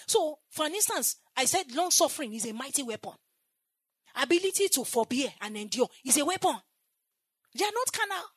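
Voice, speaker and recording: A woman preacher delivering a sermon, swinging from loud shouted exhortation to soft, hushed confession and repeating phrases for emphasis. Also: sits high, very animated, moderate pace, dry recording.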